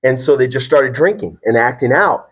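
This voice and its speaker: A man's voice: medium pitch, animated, normal speed, slightly rough. Earnest middle-aged father hosting. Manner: earnest, encouraging, reflective. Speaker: podcast host, father. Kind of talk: casual conversation.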